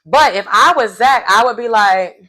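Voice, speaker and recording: A woman's voice: a little high, normal speed, pushed and bright. A woman giving a casual, gossipy recap of a reality show, chatty and acting out quotes as she goes.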